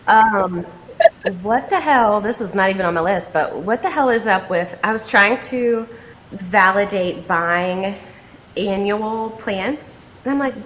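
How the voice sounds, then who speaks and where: A woman's voice: medium pitch, measured pace, a bit bright, a little hiss or hum, rough recording. A woman in her thirties hosting a casual chat, asking blunt, playful questions. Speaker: host.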